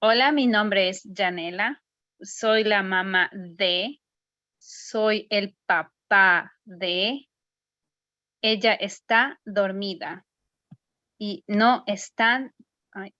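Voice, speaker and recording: A preschool teacher with an Ecuadorian accent models Spanish phrases for a class. She speaks very slowly and deliberately, with a bright tone. The call audio is dry and dull. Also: medium pitch, no echo. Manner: slow, careful, deliberate. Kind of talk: slow model pronunciation. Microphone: video call.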